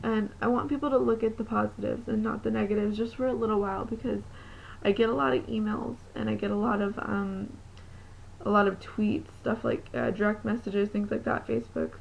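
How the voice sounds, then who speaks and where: A woman's voice: medium pitch, brisk, creaky. A young woman vlogging about living with epilepsy, earnest and encouraging, with frequent ums and restarts. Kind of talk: heartfelt motivational vlog talk. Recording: lo-fi webcam audio with faint noise.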